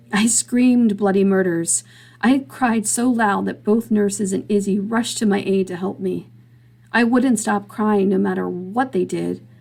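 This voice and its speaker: A woman reads her own story aloud in a steady, measured way. Her voice has a gravelly, fried texture at a middle pitch. The delivery stays even and deliberate. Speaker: author narrator. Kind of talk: scripted story reading.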